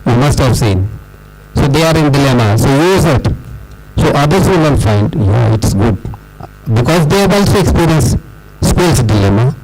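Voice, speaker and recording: A middle-aged man with an Indian accent giving a formal closing speech at a school debate event, lecturing with emphatic pauses and stresses. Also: medium pitch, lively intonation, a little mellow, faint music behind, rough recording. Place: school hall.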